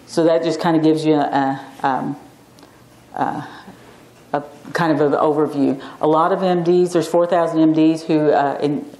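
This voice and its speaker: A middle-aged woman, an acupuncture physician, giving an informal class lecture and acting out stories with lively quoted voices. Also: deep voice, a little slow, a little hiss or hum. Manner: chatty storyteller, acts out quotes animatedly. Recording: echoey classroom.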